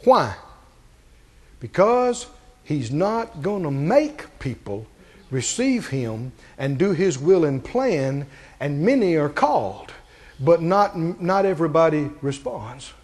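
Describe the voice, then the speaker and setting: A male pastor preaching a sermon to a congregation, asking them questions and climbing to high, emphatic peaks. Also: sing-song, slow pace, darkish tone, breathy edge.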